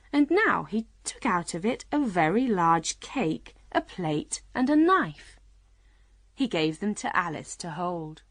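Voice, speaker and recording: A woman narrating a children's storybook audiobook in a clear, measured reading. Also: lowish voice, no room sound.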